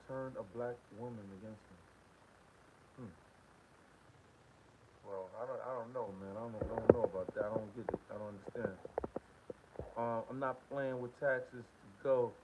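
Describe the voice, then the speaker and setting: A man hosting a live stream, talking casually and repetitively in while reading viewer comments. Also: medium pitch. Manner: venting, repetitive, slangy. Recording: dull lo-fi stream with faint hiss.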